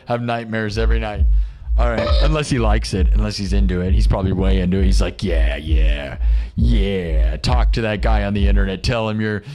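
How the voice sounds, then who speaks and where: A man hosting a live stream, rambling excitably in casual chat and saying "dude" constantly. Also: fairly low pitch, fast. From United States. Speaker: live-streaming musician and host. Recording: long reverb.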